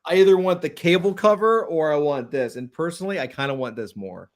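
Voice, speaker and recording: A man co-hosting a casual chat show, talking excitedly and rambling with many fillers. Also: a little high, fast. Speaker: podcast co-host.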